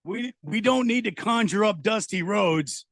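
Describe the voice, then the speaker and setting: A man's voice: sits high, lively intonation, a little slow, fairly bright tone, no room sound. A man hosting a sports radio show, rambling and joking in a self-deprecating way, reading listener texts. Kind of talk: casual radio banter. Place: radio studio. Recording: dry studio sound.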